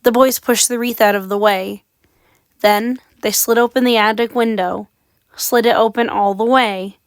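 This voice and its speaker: A woman's voice: on the high side, steady tone, normal speed, clean tone, no room sound. A woman reading a horror story aloud with dramatic, suspenseful narration. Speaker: audiobook reader.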